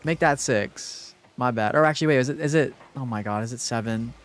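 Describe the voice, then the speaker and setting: A man's voice: mid-range voice, brisk. A young man streaming live, chatting casually and rambling with lots of fillers while thanking viewers.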